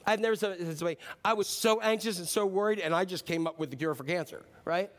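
A high-voiced middle-aged man delivers a sermon. He talks to the congregation in a conversational, personal way, then builds to emphatic, declarative peaks. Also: fairly quick. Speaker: pastor.

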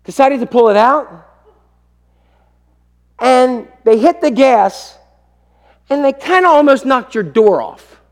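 A calm, hesitant middle-aged wife, quoted by a male pastor in a high, lively voice. She explains gently, with soft starts and pauses. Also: exaggerated voice. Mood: explaining.

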